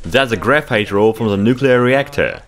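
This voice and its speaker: Exploring an abandoned underground laboratory, a vlog host keeps up excited running commentary, exclaiming and urging others on, turning bossy when he hurries them. His voice sits fairly low and moves at a moderate pace.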